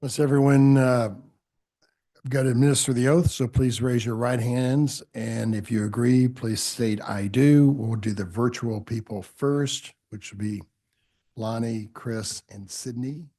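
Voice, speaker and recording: A man chairing a public board meeting, swearing people in courteously and pausing with fillers. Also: medium pitch, steady tone, mellow. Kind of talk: formal public meeting procedure. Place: meeting room with podium.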